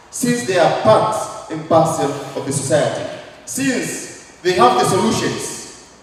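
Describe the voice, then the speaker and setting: A man from Tanzania, a reverend, gives a public speech and leads the audience in call-and-response chants. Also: sits high. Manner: lively, leads the crowd in chants. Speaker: reverend presenting a faith leaders' declaration. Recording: echoey hall, mic far off, faint noise.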